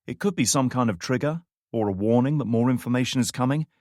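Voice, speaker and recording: A man's voice: mid-range voice, fast talker, a little mellow, no echo, clean studio sound, voice pushed up, close to an everyday voice. A man reading an audiobook, voicing an eager man who explains technical findings.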